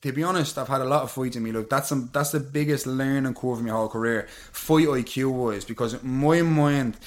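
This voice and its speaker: Fast-talking fighter, blunt and sweary. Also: male voice, medium pitch. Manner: blunt, swears freely, re-enacts moments with quoted lines. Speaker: professional fighter, guest. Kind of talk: casual podcast chat.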